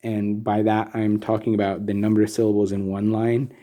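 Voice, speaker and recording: Male teacher, low mellow voice, unhurried and methodical delivery with many pauses and ums. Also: level tone. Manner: patient, methodical, frequent ums. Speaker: Sanskrit meter teacher. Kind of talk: slow recorded lesson.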